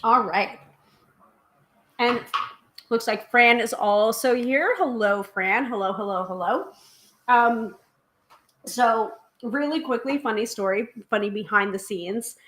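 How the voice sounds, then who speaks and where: A woman from the United States hosting a tarot live stream. She talks casually and quickly, with many filler ums, and reads viewer comments aloud. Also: a little high, fairly bright tone.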